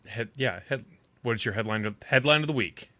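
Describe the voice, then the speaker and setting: A man co-hosting a podcast in relaxed, rambling chat, laughing often. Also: medium pitch, fairly quick, no echo. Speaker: podcast co-host and voice actor.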